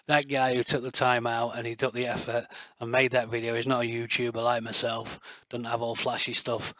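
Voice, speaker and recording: A man's voice: mid-range voice, bright, forceful tone, dry recording. Passionate rambling man. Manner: passionate, boastful, rambling with many fillers. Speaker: light gun builder and video creator. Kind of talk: casual rambling talk to camera.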